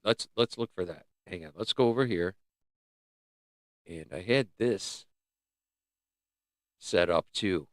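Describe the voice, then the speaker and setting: A man hosting a casual livestream, rambling and joking as he thinks out loud. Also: low-pitched, takes it slowly, long pauses, no room sound, studio quality. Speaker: livestream host.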